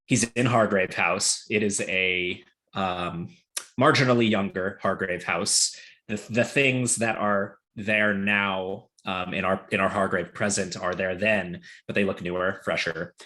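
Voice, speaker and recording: A man's voice: on the low side, bright, forceful tone. A man narrating a scene in a tabletop game, hesitant and full of ums and uhs. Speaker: player.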